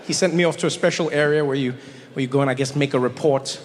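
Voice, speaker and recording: A man telling a stand-up comedy story, animated and playful. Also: medium pitch, quick pace, long reverb tail, slight background noise.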